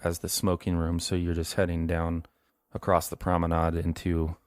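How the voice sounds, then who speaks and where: A man narrating a tabletop horror game as game master, in a relaxed, chatty way. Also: low-pitched, moderate pace, no echo.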